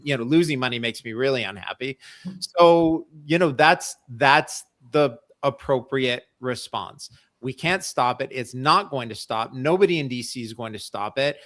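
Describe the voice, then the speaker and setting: A man's voice: on the high side, a bit bright. A man on a live panel giving blunt, emphatic commentary, hammering his points home by repeating them. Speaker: panel guest.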